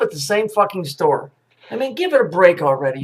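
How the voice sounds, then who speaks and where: A man's voice: sits high, sing-song, normal speed, slightly rough. A man giving a profane, sarcastic running commentary as he reacts to news clips, mocking and cursing as he goes.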